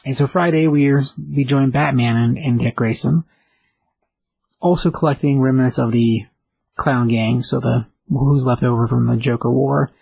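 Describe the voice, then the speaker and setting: A man's voice: medium pitch, fairly even intonation, normal speed, gravelly, a little mellow, slightly rough, no room sound, poor audio. A man casually retelling a comic book story as a recap host, loose and chatty. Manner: loose and chatty, with many fillers and restarts.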